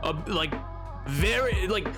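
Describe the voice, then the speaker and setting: A man's voice: sits high, slow, over music. A man live-streaming a video game, chatting casually and jokingly with his viewers. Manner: animated, jokey, does silly voices. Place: at home, playing a video game.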